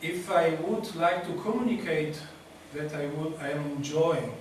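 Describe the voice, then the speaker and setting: A man giving a public lecture in a hall, halting and searching for words, with many fillers. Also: fairly high pitch, fairly even intonation. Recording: echoey hall, distant, noisy.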